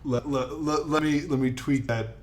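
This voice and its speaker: A man playing a tabletop role-playing game, talking in a halting way with many fillers and restarts. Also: a little high, fairly even intonation. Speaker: player and host. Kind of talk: casual tabletop role-play.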